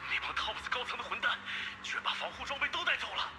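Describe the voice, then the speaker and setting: An actor playing a devoted young father and base scientist, gentle and reassuring but urgent in a crisis. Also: very high voice, sing-song, fast, loud music behind the voice. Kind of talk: dubbed game cutscene acting.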